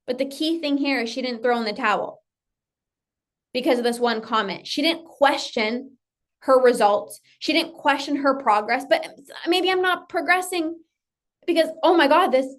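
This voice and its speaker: A woman's voice: sits high, a bit bright. A woman coach giving an emphatic motivational talk, often acting out her client's thoughts and repeating phrases for effect.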